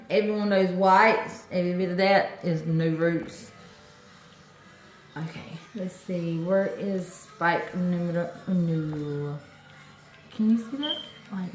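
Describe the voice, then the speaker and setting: A woman chatting excitedly to camera about her orchids, talkative, with lots of exclamations. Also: lowish voice, roomy sound. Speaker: orchid-growing vlogger. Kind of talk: casual chat to camera.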